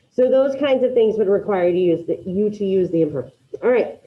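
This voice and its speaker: A woman's voice: medium pitch, animated, a little fast. A woman teaching a Spanish class online, calling on students by name and encouraging their answers. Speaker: high school Spanish teacher. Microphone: video call. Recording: dull lo-fi video call audio.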